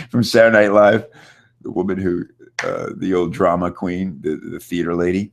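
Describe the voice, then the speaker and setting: Reading viewer questions aloud, this man runs a casual coaching Q&A live online, upbeat and loose with lots of fillers. His low voice is creaky, with fairly even intonation and normal speed, recorded on a computer setup with screen share that carries a little hiss or hum.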